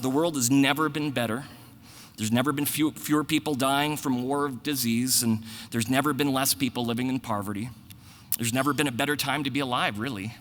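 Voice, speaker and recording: A man in his forties delivers earnest, conversational closing remarks at a conference, a little short of breath. His voice is bright and forceful. The sound carries the long reverb of a large hall. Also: medium pitch. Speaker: bank executive giving closing remarks. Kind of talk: conference speech.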